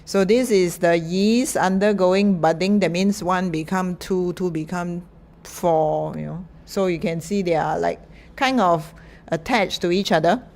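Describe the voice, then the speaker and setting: A middle-aged woman gives an informal lecture. She talks slowly and in a fairly low voice, chatty, with lots of fillers and light laughs. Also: darkish tone.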